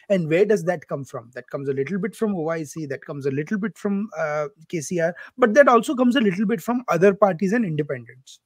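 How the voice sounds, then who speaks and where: A man hosts a casual political podcast in a fairly high voice. He walks through numbers chattily and tosses in joking asides. The sound is dry and close. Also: dry recording. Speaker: podcast host.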